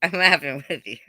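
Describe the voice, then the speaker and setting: A woman's voice: sits low, sharp tone, no room sound, clean studio sound. A middle-aged woman hosting a casual live stream, chatting with viewers in a rambling, giggly way full of fillers.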